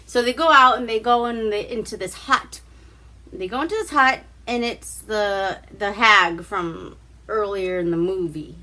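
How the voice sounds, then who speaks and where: This casual vlog host recaps a movie with plenty of swearing and chatter, acting out quotes as she goes. Her medium-pitched voice is expressive, unhurried, pushed and bright.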